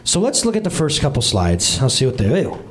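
Lively, joking male pastor. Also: mid-range voice, brisk. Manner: chatty, jokey, talks to the congregation by name. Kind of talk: casual joking sermon. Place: church service with congregation and livestream.

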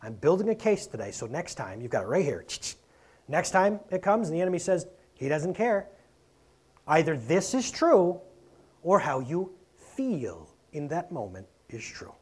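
A man preaching a conversational sermon, asking rhetorical questions and swinging between loud and quiet. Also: a little high, sing-song, normal speed, slightly rough. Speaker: pastor.

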